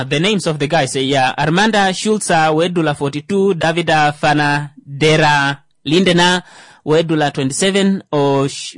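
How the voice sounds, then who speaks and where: A man's voice: fairly high pitch, dry recording. A man with a Namibian accent hosting his own show, reading an article aloud with joking asides and stumbling over the words. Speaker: show host. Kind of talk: solo commentary reading a news article.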